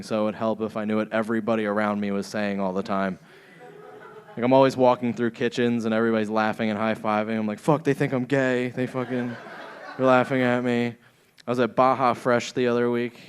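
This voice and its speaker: Young man, stand-up comic, smooth resonant voice, chuckles at own jokes, club stage mic. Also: medium pitch. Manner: laughs at his own jokes. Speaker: stand-up comedian. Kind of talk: stand-up set.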